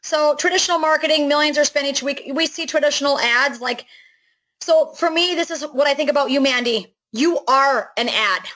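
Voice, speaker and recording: A middle-aged woman giving an enthusiastic, chatty sales pitch for a network marketing business, with many fillers and restarts. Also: moderate pace, bright, forceful tone, poor audio.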